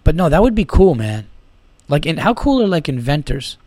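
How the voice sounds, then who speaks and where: A man's voice: fairly high pitch, sing-song, moderate pace, a little mellow, no room sound. A man in his thirties hosting his own comedy podcast, tired and a little sick, rambling and swearing with giddy energy. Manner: rambling, profane, giddy riffing. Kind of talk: casual solo podcast monologue.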